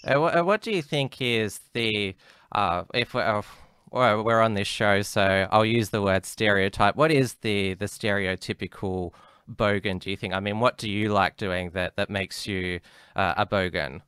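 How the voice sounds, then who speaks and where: A male podcast host introduces a guest and questions him. His voice is smooth and a little low, recorded dry and close, with a hesitant, uh-filled way of phrasing questions. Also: moderate pace, fairly bright tone, no room sound. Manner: hesitant, many uhs when asking. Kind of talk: interview hosting.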